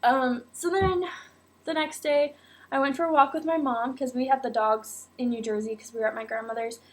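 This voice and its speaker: A young woman vlogger telling a personal story in a casual, animated way, full of "like" and "oh my God". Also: high-pitched, normal speed. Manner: animated, acts out quotes, many fillers like "like" and "oh my God".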